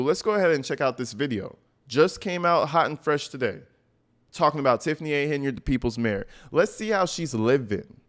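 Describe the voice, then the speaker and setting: Male commentary YouTuber, slangy and emphatic, mid-pitched, casual talk.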